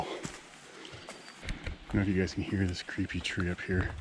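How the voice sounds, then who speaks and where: A man's voice: low-pitched, unhurried. A man in his thirties chatting casually while he hikes, with lots of fillers. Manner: relaxed, chatty, many fillers. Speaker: hiking vlogger. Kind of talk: casual vlog narration. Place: outdoors on a wooded trail. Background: wind, outdoor nature sounds.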